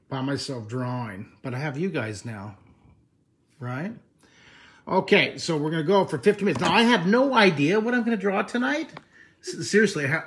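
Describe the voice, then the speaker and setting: A man with a bright, forceful voice that sits a little high for a man. He chats in an excitable, rambling way as he greets viewers on a live stream. The sound comes from a handheld phone in a house. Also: a little hiss or hum. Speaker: drawing teacher. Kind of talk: live-streamed casual chat. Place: living room of a friend's house. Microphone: handheld camera phone.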